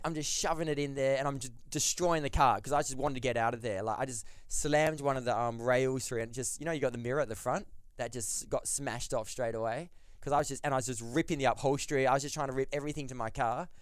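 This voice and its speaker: A man's voice: mid-range voice, fairly even intonation, fast, hardly any pauses, clear, resonant tone, dry recording, studio quality. A man telling a story as a podcast guest, rambling, with lots of "like" and restarts. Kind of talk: casual storytelling.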